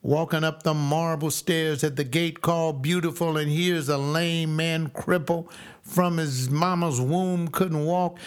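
A male preacher delivering a sermon in a folksy, emphatic way, slowing down to stress key phrases. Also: fairly high pitch, fairly even intonation, smooth.

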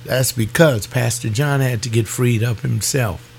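A man preaching a fervent webcast sermon, pleading with his listeners and rising in pitch on his emotional appeals. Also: a little slow, creaky, a little mellow, slight background noise.

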